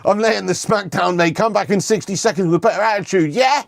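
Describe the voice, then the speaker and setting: A man's voice: sits high, normal speed, creaky, no echo. A man hosting a live football watch-along, chatting with viewers, swearing and laughing as he reads their messages. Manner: banters with chat, swears, laughs often. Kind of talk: casual live-stream chat.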